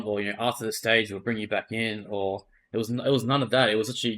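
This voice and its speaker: A man's voice: lowish voice, fairly even intonation, fast talker, few pauses, a bit bright. An Australian man, an esports player, candidly retelling events in a casual interview and swearing freely.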